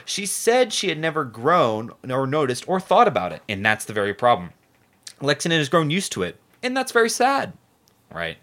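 A man's voice: on the high side, wildly swooping pitch, normal speed, fairly bright tone. A man hosting a podcast, rambling sarcastically and swearing a lot as he chats about local news. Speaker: podcast host. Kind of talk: casual profane local-news chat.

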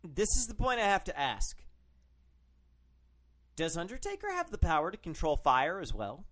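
A man co-hosting a casual podcast, wry and sarcastic, quick to laugh. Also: high voice, wildly swooping pitch, a bit bright. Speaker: podcast co-host. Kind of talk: casual chat.

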